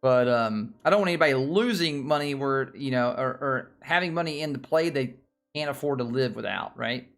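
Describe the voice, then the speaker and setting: A man's voice: mid-range voice, moderate pace, gravelly, a bit bright, faint music behind. A man with a Southern US accent hosting a casual livestream, rambling and chatting with viewers. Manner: rambling, repeats himself, chats with viewers. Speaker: livestream host. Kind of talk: casual livestream chat about stocks.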